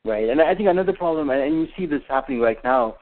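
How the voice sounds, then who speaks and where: A man's voice: mid-range voice, expressive, fast. A man calling in to a radio talk show, speaking hesitantly with many fillers and restarts, heard over a tinny phone line. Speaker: caller. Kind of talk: call-in radio chat.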